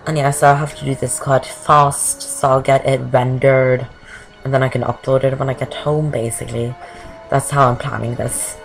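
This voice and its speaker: Woman, very low voice, casual gameplay commentary, rambling, off-topic, game music in background. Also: little pitch movement, normal speed, vocal fry, poor audio. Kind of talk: casual Let's Play commentary.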